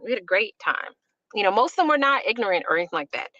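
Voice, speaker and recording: A woman's voice: a little high, lively intonation, fast talker, sharp tone, no room sound, dull audio. Emphatic woman host from Chicago. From Chicago, USA. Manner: emphatic, rambling with many fillers. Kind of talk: opinionated commentary.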